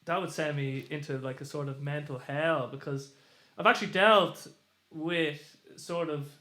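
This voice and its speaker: A man's voice: a little high, unhurried, pushed and bright, echoey room. A man hosting a podcast, talking candidly and sympathetically in casual interview chat. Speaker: podcast host.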